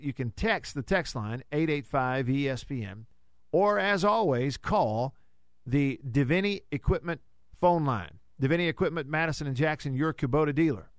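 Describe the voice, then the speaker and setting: A man's voice: a little high, clear, resonant tone, no echo, studio quality. Folksy man hosting radio. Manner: folksy, joking asides. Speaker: sports radio host reading live ads. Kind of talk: casual radio chat with live reads. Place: radio studio. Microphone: studio microphone.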